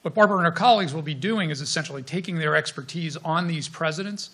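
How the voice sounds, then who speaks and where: A middle-aged man hosts a seminar in a bright, forceful voice pitched a little high. He speaks in a measured way, with some fillers as he introduces the next part. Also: husky. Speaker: host and center director. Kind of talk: seminar presentation.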